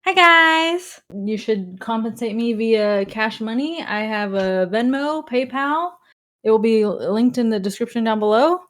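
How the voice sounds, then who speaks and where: A goofy talking dachshund, put on by a woman in her thirties, yaps and barks in a high, springy voice that leaps around. Its words come slowly between the barks. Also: expressive, fairly bright tone. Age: 30s. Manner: goofy, yappy, barking and laughing. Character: playful female dachshund dog who talks.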